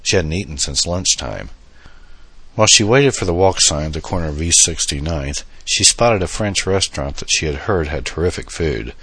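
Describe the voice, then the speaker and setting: A man giving steady, measured audiobook narration, recorded close on a studio mic. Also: extremely low pitch, slightly rough, no room sound.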